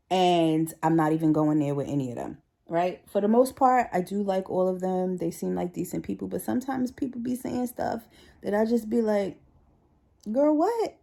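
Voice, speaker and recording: A woman's voice: lowish voice, creaky. A woman talking casually, telling stories in a chatty way and acting out what her coworkers said. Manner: chatty, animated quoting of coworkers. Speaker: vlogger. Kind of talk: casual storytelling vlog.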